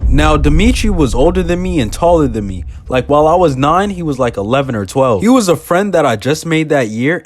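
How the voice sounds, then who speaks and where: A young adult man narrating a funny childhood story in a casual, slangy, animated storytime style. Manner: casual, animated, slangy delivery with big pitch swings. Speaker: storyteller, channel host.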